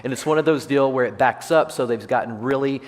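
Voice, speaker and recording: A man's voice: mid-range voice, fairly quick. Pastor guy preaching, jokey stories, big church echo. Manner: jokey storyteller, asks the congregation questions. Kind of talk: sermon with personal stories. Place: large church sanctuary. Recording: long church hall reverb.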